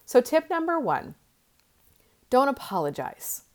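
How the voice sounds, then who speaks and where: A woman's voice: high voice, sing-song, measured pace. A woman coach speaking to her listeners in a conversational, encouraging way, with many fillers. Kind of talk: podcast monologue.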